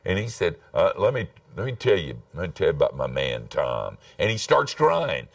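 A man's voice: low-pitched, very animated, moderate pace, gravelly, no room sound, distant mic. An older man, telling stories in a folksy, self-deprecating sermon. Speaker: preacher. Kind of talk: storytelling sermon.

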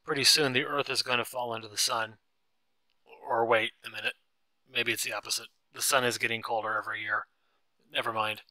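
A man's voice: mid-range voice, flat delivery, a little fast, bright, forceful tone, no echo, low-quality recording. A man voicing a big, arrogant wealthy man who talks bluntly and dismissively in a storybook reading.

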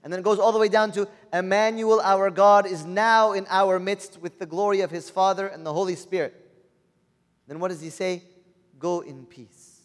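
High-voiced man preaching in a reverberant hall. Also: fairly even intonation, normal speed. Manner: earnest, asks the listeners rhetorical questions. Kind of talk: sermon. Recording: long reverb of a large hall.

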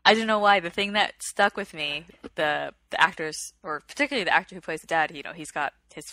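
A woman's voice: lowish voice, fast talker, bright, forceful tone. A woman co-hosting a podcast in casual chat, retelling stories at length in a chatty way. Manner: chatty storyteller, retells what she read at length. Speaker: podcast co-host.

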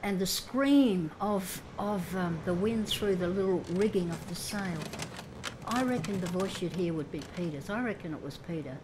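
A woman's voice: on the low side, moderate pace, background noise. A woman preacher telling a Bible story vividly in a Sunday sermon, with frequent restarts.

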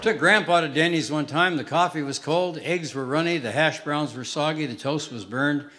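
An older man doing stand-up on stage, telling quick deadpan one-liners to a live audience. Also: on the high side. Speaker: stand-up comedian. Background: audience laughter.

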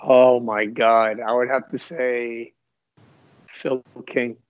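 A man's voice: mid-range voice, flat delivery, takes it slowly, clean tone, dry recording. A middle-aged man from the United States, talking as a guest in an upbeat, rambling way. The sound is dry and a touch dull, like a remote call. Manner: enthusiastic, rambling anecdotes. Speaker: guest, former professional footballer. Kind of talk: casual interview chat.

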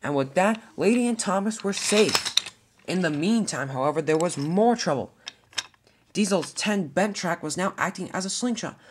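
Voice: mid-range voice, lively intonation, moderate pace, noisy background. A storyteller narrating a homemade toy-train adventure, with frequent slips and restarts.

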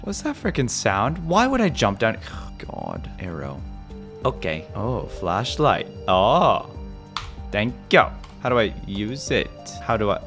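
A young man narrating his own gameplay, with a voice that leaps wildly between low mutters and high yelps. He talks to himself and his viewers in a jumpy, excitable way. Faint music plays underneath. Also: normal speed, gravelly. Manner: jumpy, excitable, talks to himself and chat, sudden shouts and laughs. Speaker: gaming YouTuber. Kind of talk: let's play commentary.

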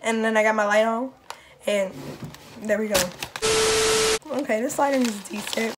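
A woman with a hoarse, worn-out voice, chatting casually to camera while she eats, with mouth sounds and coughs between words. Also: on the high side, fairly even intonation, moderate pace, rough recording. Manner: chatty, talks while eating, with smacking and coughs. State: hoarse, voice nearly gone. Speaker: YouTuber. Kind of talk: casual eating-show chat.

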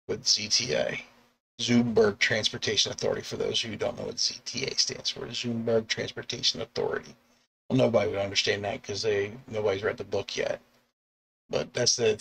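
A middle-aged man, a comic artist and bus driver, chatting casually on a live stream, rambling with restarts and chuckles and acting out quoted lines in sudden high yelps. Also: vocal fry, a bit bright, slight background noise. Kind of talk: casual live-stream chat about artwork.

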